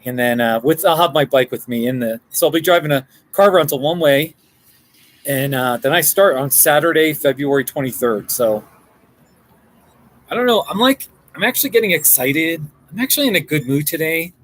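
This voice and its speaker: A man's voice: on the high side, animated, moderate pace, low-quality recording. A man chatting casually on a live stream from a coffee shop, rambling and answering viewer comments. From Colorado.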